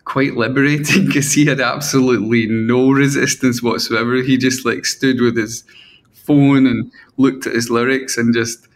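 A man's voice: mid-range voice, steady tone, slight background noise. A middle-aged man, a band frontman and songwriter, talks candidly in a casual interview. He often restarts his sentences and mocks himself by acting out his inner critic. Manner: self-mocking, halting with many restarts, mimics his own inner voices.

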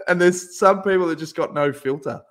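A man's voice: fairly high pitch, moderate pace. A man hosting a podcast, chatting in a laid-back, jokey way. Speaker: podcast host. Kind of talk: casual chat.

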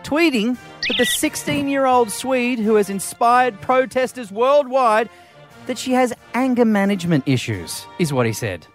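A man with an Australian accent co-hosting a breakfast radio show, telling stories in an animated, emphatic way. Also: very high voice, a little slow, soft background music. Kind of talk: casual radio banter. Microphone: studio microphone.

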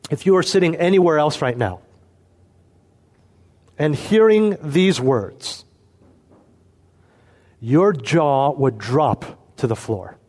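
A man preaching an expository sermon, earnest and emphatic, slowing down to stress key points. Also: fairly high pitch, expressive, a little mellow. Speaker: pastor.

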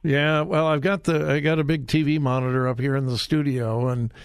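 A man's voice: on the high side, steady tone, a little fast, clean tone, dry recording. A man hosting a radio talk show from a studio, chatty and folksy with a joking manner. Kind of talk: casual radio interview.

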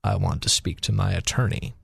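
Lawyer guy on talk radio, walks you through the law step by step, kinda low gravelly voice. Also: fairly quick, fairly bright tone, no room sound, studio quality. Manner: explains legal advice step by step. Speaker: attorney guest. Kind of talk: radio talk show guest.

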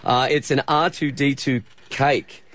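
A man's voice: mid-range voice, steady tone, unhurried, fairly bright tone. A man hosting a live breakfast radio show, chatty, laughing and emotional. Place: radio studio.

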